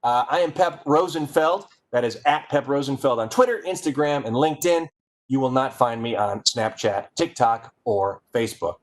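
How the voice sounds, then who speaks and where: A man giving a playful, energetic comic presentation and speaking straight to his audience. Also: medium pitch, moderate pace. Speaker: keynote speaker. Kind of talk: comedic presentation.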